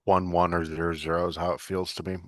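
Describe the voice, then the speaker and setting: A man with a very low voice chats loosely about soccer as a podcast co-host, easygoing and a little tired. The sound is close and dry. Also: little pitch movement, fast talker, a bit bright, dry recording. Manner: chatty, easygoing, yawning. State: tired, yawning. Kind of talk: casual sports chat.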